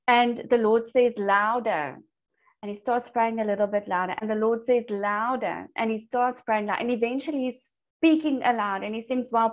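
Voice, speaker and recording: A woman's voice: a little high, darkish tone. Earnest woman teaching on a dull call. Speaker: Bible study group leader. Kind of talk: teaching a church discipleship group. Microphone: video call. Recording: dull lo-fi online call audio.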